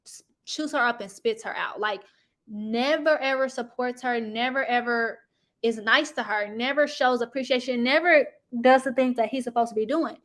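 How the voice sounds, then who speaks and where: A woman hosting casual reality TV gossip commentary, chatty and animated, talking straight to her viewers. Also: a little high, moderate pace. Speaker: host.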